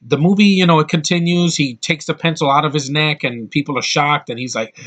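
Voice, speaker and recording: A man's voice: on the high side, a little fast, a bit bright. A man giving a casual, rambling film review with blunt opinions and lots of restarts.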